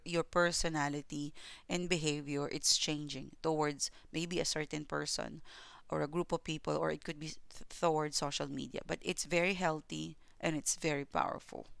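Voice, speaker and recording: A woman giving a rambling, excitable tarot reading to camera, full of fillers and restarts. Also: low voice, clean tone, no echo. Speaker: tarot reader.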